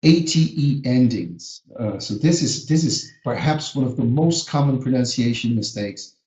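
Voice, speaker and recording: Brazilian guy teaching english online, mellow voice, kinda roomy and muffled. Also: medium pitch, expressive, moderate pace. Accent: Brazilian Portuguese. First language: Portuguese. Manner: explanatory, checks in with listeners. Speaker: teacher educator. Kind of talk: webinar lesson.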